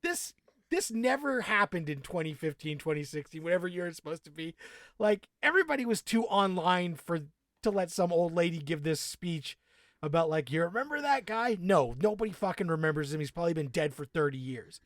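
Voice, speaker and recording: A man's voice: fairly high pitch, lively intonation, brisk, fairly bright tone, no room sound, clean studio sound. A man co-hosting a podcast, talking in a casual, sarcastic way with lots of swearing and laughter. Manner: profane, sarcastic, laughs often. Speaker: podcast co-host. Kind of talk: casual chat.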